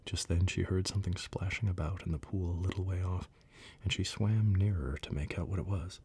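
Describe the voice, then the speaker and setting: Deep, husky man whispering a bedtime story. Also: steady tone. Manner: slow, hushed bedtime reading. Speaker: ASMR storyteller. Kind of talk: whispered role-play.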